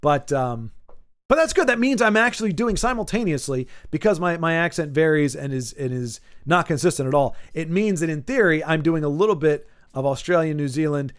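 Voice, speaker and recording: A man's voice: fairly high pitch, a little fast. Rambling man in his forties, chatting. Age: 40s. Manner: rambling, animated, frequent restarts. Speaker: streamer. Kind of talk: casual stream chat.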